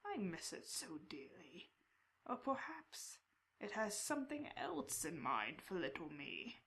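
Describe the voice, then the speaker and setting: Woman whispering as a raspy bird-headed creature. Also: medium pitch, big pitch swings. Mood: creepy whisper. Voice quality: raspy, slow cadence. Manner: hushed, drawn-out, sinister musing. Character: creepy chained bird-headed man, slow and wheedling. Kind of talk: whispered role-play.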